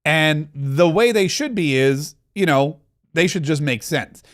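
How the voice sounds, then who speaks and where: A man hosting a political podcast, giving opinionated commentary in a fast, heated rant full of asides and restarts. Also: on the high side, lively intonation, a bit bright.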